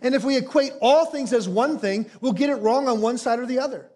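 A man with a noticeably high voice delivers a sermon as pastor. He preaches with emphasis, throwing out rhetorical questions and acting out quoted prayers. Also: brisk, a little mellow.

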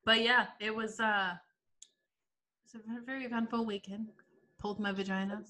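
A woman in her twenties chats casually with a friend, telling a comic story. She sounds animated and laughs often. Her voice is bright and forceful. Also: medium pitch, fairly quick. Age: 20s. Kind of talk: casual chat.

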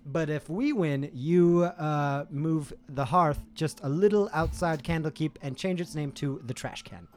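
A man's voice: a little high, measured pace, hardly any pauses, faint music behind. A man playing a tabletop role-playing game, joking and haggling in character. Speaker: player. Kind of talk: improvised tabletop role-play.

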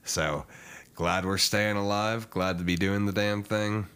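A man hosting a sports podcast in a relaxed, joking manner, wrapping up the episode. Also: fairly low pitch, measured pace, clear, resonant tone. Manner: loose, joking, wraps up the show. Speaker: podcast host. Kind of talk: casual chat.

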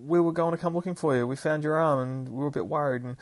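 A man voicing an excitable, socially clueless young girl hero in a retold comic story, squeaky and breathless. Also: fast, lightly acted. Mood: excited.

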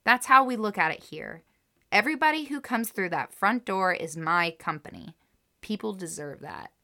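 A woman co-hosting a podcast tells a story by reading researched material and quotes aloud, following with emotional reactions in a casual chat. Her voice is mid-range and expressive, at a moderate pace, with a sharp tone.

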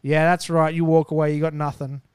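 A man's voice: a little high, level tone, a little fast, smooth, no room sound, clean studio sound, natural voice. A man mimicking a cocky drunk bloke. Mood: taunting. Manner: arrogant, taunting.

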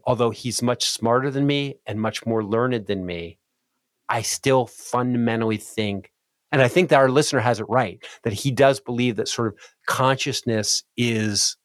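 A man hosting a casual podcast conversation, telling stories with animated restarts. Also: medium pitch, moderate pace, no room sound, studio quality. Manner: animated, self-interrupting storyteller. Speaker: podcast host.

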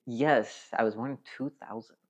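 Heard through dull, lo-fi podcast sound, this twenty-something male guest talks in a loose, meandering way, packed with fillers and quick laughter. His voice holds a medium pitch and steady tone at a moderate pace.

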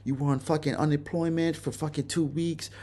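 A man voicing a furious young woman who yells and curses at her partner. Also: fairly high pitch, steady tone, brisk, voice pushed up, natural voice. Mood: angry accusing. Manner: yelling, accusing, cursing. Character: furious shrieking young woman, an angry girlfriend.

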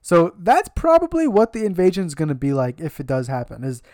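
A woman's voice: lowish voice, huge pitch swings, a little fast, warm tone, dry recording, clean studio sound. Swearing, jokey New woman. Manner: jokey, swears freely, slips into put-on street voices. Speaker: co-host. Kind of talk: casual chat.

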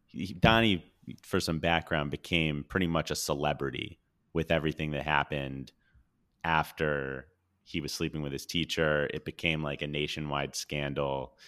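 Very deep-voiced man reviewing films. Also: a bit bright. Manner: enthusiastic, rambling, self-correcting. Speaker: podcast host. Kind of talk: casual movie review chat.

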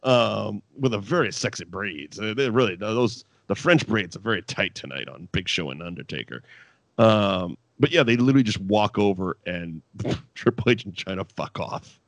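A man's voice: lowish voice, expressive, moderate pace, vocal fry, no echo. A man co-hosting a podcast, recapping wrestling in casual, profane chat and laughing often. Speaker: podcast co-host.

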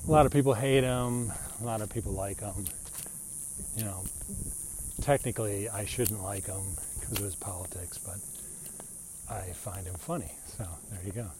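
A man's voice: fairly low pitch, steady tone, moderate pace, pauses often, noisy background. A middle-aged American man telling a rambling, chatty story in a casual monologue, laughing often. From United States.

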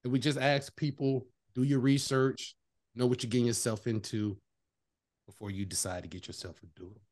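A man chatting casually as a guest, an animated, emphatic storyteller who swears freely and slips into voices when quoting people. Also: mid-range voice, fairly quick. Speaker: veterinary technician guest. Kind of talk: casual chat.

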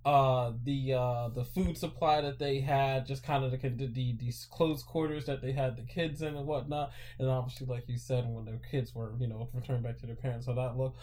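A man's voice: mid-range voice, steady tone, moderate pace, hardly any pauses, darkish tone. A man appearing as a podcast guest, rambling and hesitating with many fillers as he chats. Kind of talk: casual podcast chat.

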